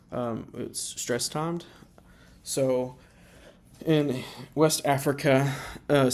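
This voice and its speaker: Giving a casual slideshow talk, a man speaks in a mid-range voice with vocal fry. He stumbles along with many fillers and slows to carefully sound out example words.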